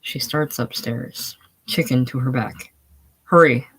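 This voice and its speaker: Plain, husky reader of stage directions. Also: mid-range voice, normal speed, low-quality recording. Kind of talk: reading stage directions aloud.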